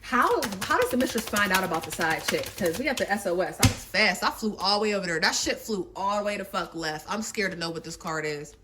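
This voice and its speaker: A woman's voice: medium pitch, animated, a little fast, hardly any pauses, noisy background. Profane, dramatic woman reading tarot. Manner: dramatic, profane, gossipy storytelling. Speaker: tarot reader.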